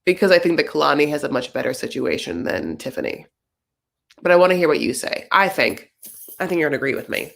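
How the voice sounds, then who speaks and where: Low-voiced woman, chatty and sarcastic. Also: very animated, fast, creaky. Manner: chatty, sarcastic, rambling with lots of "like". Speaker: reality TV recap commentator. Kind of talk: casual commentary.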